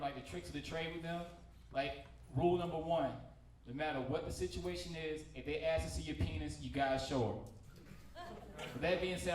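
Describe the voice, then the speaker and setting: A young man doing a stand-up comedy set on a theater stage, telling stories in a casual, slangy way and switching quickly into voices. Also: on the high side, a little mellow, a little hiss or hum. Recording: echoey theater from far off. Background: audience and room ambience.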